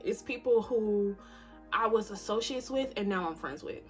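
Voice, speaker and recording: Early-twenties woman, chatty vlogger talking to camera, lively swings between loud and soft, light music behind. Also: medium pitch, moderate pace. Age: 20s. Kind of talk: casual chat to camera. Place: cabin.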